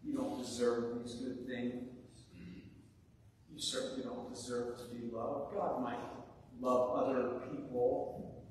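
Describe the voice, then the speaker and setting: A low, hushed male voice sneers like a cruel inner critic, as a preacher puts it on. It is drawn out and slow, in a big, echoing hall. The sound is distant with a faint hum behind it. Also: level tone, close to an everyday voice. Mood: contemptuous. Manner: low, hushed, half-whispered taunting. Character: sneering inner voice of self-hatred, male, contemptuous. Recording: echoey hall from far off.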